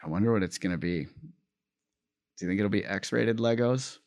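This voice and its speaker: A man's voice: lowish voice, measured pace, darkish tone, dry recording. A man in a casual podcast conversation, upbeat, enthusiastic and chatty, on a close studio mic.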